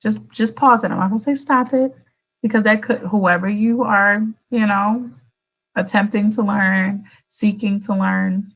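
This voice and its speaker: Animated chatty woman radio host. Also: medium pitch, unhurried, low-quality recording. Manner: animated and chatty, swooping up for emphasis; addresses listeners directly and affectionately. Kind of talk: casual motivational monologue.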